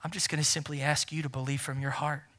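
Male pastor, brighter and a touch higher than most men, preaching with emphatic repetition and sudden hushed passages. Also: flat delivery, fast. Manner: emphatic, repeats key phrases, swings from loud to near-whisper. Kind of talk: sermon.

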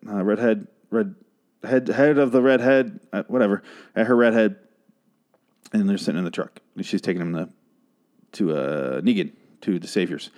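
A hoarse man with a fairly low voice, worn from recording several podcasts in a row. He rambles through a TV episode recap in a casual, profane way, with sarcastic asides and restarts. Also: moderate pace, long pauses, a little mellow. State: losing his voice. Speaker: podcast host.

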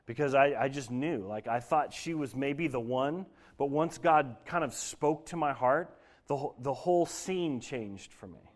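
A young man from Denver giving a sermon, telling a personal story in an earnest way that grows lively as he preaches. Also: mid-range voice, a little slow. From Denver, Colorado. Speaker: pastor.

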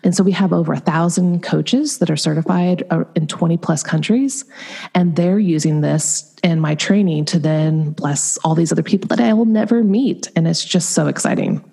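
A middle-aged woman talks openly about her own growth as a coach, her delivery animated and peppered with fillers. Her voice sits a little low, mellow and dark in tone. A gravelly fry and a husky grain run through her speech. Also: normal speed. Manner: candid, animated, frequent fillers. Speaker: Enneagram coach and guest. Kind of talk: casual interview storytelling.

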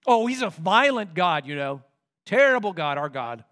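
A man's voice: sits high, very animated, moderate pace, a bit bright. A man voicing two desperate male petitioners who beg and whine before a king. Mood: pleading. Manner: begging, whiny.

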